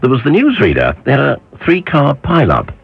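An older man, a former radio presenter, reminiscing on air with animated storytelling and little impressions of people. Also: mid-range voice, brisk, vocal fry, slightly rough. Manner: animated anecdotal storytelling, mimics voices. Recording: dull muffled radio broadcast.

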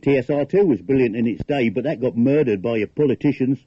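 A man's voice: mid-range voice, fast talker, breathy edge, dry recording, muffled recording, lightly acted. An actor reading a comic poem in character as a grumbling, cynical working-class London man with a Cockney accent. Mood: wry grumbling. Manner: wry, grumbling, rhetorical questions.

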